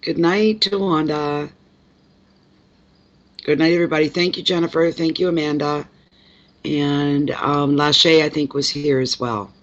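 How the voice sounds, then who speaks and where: A man's voice: a little high, flat delivery, moderate pace, fairly bright tone. A man from Canada, a tarot reader chatting casually with viewers on a live stream, rambling and repeating himself as he greets people by name. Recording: slightly dull lo-fi audio.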